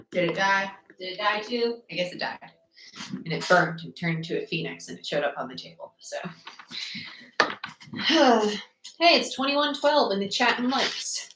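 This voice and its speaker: Very animated and at a moderate pace, this mid-range female voice is heard over a noisy background in an echoey room. She's a young New Jersey tarot reader hosting her channel's live-streamed reading, chatting bluntly and sarcastically and cursing freely.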